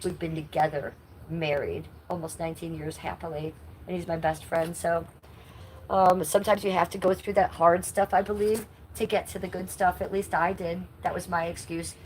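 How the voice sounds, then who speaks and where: A woman's voice: fairly low pitch, steady tone, normal speed, darkish tone, a little hiss or hum, low-quality recording. A middle-aged woman with a nasal voice, talking bluntly and indignantly to her chat on a live stream. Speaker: livestreamer.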